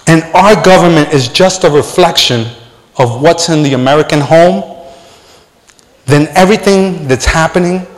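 A man with a notably high voice preaches with fervor, repeating his words as he builds each point. His voice rings out with long reverb, as if from a church sanctuary. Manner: fervent preaching with a personal story, repeats words. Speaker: pastor. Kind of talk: sermon.

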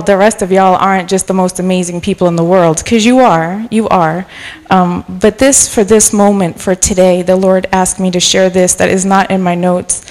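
Chatty woman preacher in an echoing church. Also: medium pitch. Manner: chatty and self-deprecating, softening to earnest encouragement. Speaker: guest preacher. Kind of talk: informal sermon. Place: church sanctuary. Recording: long reverb of a church hall.

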